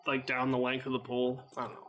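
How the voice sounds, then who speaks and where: A man with an average pitch chiming in on a podcast. His talk is loose and offhand, full of "like" and casual swearing, and he tosses out quick reactions. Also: monotone, a bit bright. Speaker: podcast co-host.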